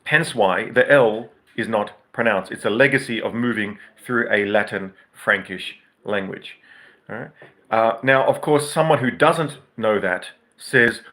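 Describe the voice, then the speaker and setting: Bright-toned man musing aloud. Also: medium pitch, measured pace. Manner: rambling, professorial, explains with asides. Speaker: podcast host. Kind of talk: unscripted reflective monologue.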